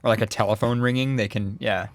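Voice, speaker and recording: A man's voice: on the low side, fairly even intonation, quick pace, no echo. A man co-hosting a live podcast, chatting casually and laughing a lot. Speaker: podcast co-host. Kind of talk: casual chat.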